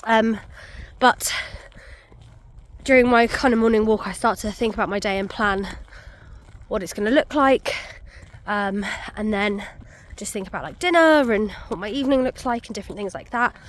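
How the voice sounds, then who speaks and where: On a muddy country walk, a young woman vlogger chats casually to the camera, out of breath and full of ums. Her voice sits in the mid-range and moves at a moderate pace.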